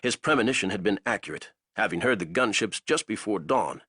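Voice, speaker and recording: A male narrator reads an action novel aloud with a husky voice. His pitch moves a lot as he builds each scene. The recording is dry, with no room sound. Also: animated, brisk, bright, forceful tone, no room sound. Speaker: audiobook narrator. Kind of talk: dramatic audiobook narration.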